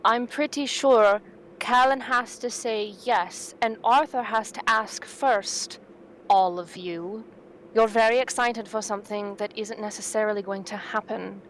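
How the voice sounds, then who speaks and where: A woman player chats at a tabletop game with a teasing edge, quick to laugh. Her voice sits a little high, with faint noise behind it. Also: fairly even intonation. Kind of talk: casual chat at a tabletop game.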